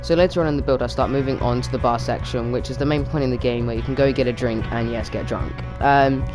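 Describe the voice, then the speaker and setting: Fast-talking young man narrating a build. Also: mid-range voice, steady tone, music in the background. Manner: chatty, quick, with many fillers. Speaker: YouTuber narrating a build challenge. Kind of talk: casual gaming commentary.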